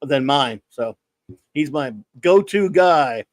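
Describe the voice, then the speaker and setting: A man's voice: a little high, expressive, slow, dry recording. A man hosting a casual chat, rambling and self-deprecating with lots of restarts. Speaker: host.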